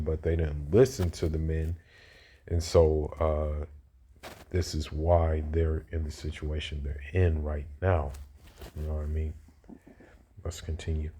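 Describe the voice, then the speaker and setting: A man's voice: a bass voice, flat delivery, a little slow, dark tone, breathy edge. A man reacting to a played video in casual, rambling commentary, often restarting and asking "you know what I mean".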